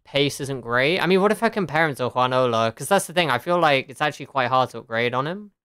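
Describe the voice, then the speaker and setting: A woman's voice: very deep voice, expressive, fast, a bit bright, clear, resonant tone, dry recording, studio quality. A woman game streamer chatting casually, laughing often, swearing and answering her chat.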